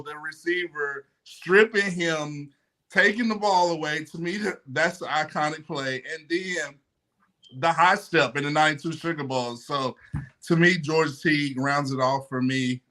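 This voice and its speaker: A man co-hosting a sports talk show, laying out his picks in a relaxed, playful way. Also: on the high side, measured pace. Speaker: podcast co-host.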